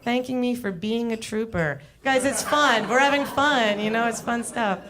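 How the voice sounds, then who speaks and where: A woman's voice: on the high side, moderate pace, crowd noise. A young adult woman delivers a stand-up set on a comedy club stage. She is chatty and self-deprecating. Her delivery is loose and full of casual fillers.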